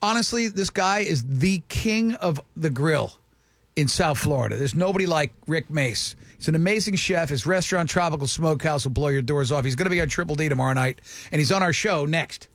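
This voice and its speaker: A man hosting a morning radio talk show, chatty and animated as he tells a story. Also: fairly high pitch, brisk, no echo.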